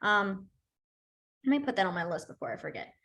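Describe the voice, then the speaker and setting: Bright, chatty young woman teacher. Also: mid-range voice, very animated, a little fast. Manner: chatty, rambling with many fillers, laughs easily. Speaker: sign language teacher. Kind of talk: online class instruction.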